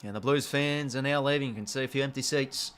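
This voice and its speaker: Excitable Australian man calling footy live. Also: mid-range voice, fast. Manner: excitable, swears casually, self-mocking. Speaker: watch-along host. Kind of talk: casual live match commentary.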